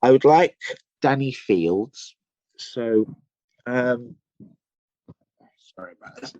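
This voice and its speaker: The Somerset musician, an English podcast guest, speaks slowly at medium pitch with lively intonation and a warm tone. His enthusiastic, rambling stories are full of fillers, and the audio is dull with no room sound.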